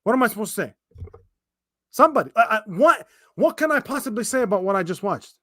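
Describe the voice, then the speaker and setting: A high-pitched young man hosts a livestream watchalong of a football match, reacting as a fan and ranting in exasperation with rapid, stumbling bursts full of restarts and curses. He sounds very animated, pushed and bright, in a dry, close recording with no room sound.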